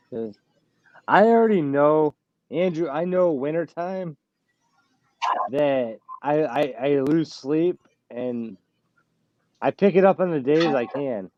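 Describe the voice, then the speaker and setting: A fairly high-voiced man with lively intonation takes it slowly and leaves long pauses; the recording is muffled with no room sound. Hosting a casual live-stream chat, he's blunt and boastful, swearing often and bragging about little sleep.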